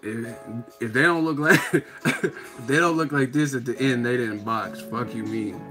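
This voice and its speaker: A man hosting a live show, talking casually with a profane, animated manner and frequent laughter. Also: medium pitch, unhurried, soft background music. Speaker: host.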